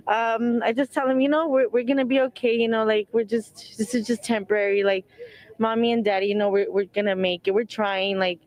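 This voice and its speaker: A woman's voice: a little high, low-quality recording. Rambling, earnest young mother. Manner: rambling, heavy use of "like" and "you know"; earnest, openly religious. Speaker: wildfire evacuee, mother of several children. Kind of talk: emotional on-the-spot interview answers. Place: outdoors at a donation site.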